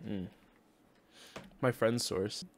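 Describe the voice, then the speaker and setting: A man's voice: fairly low pitch, drawn-out words. A young man roasting strangers in a casual video chat, brash and teasing, laughing often, on his own desk microphone.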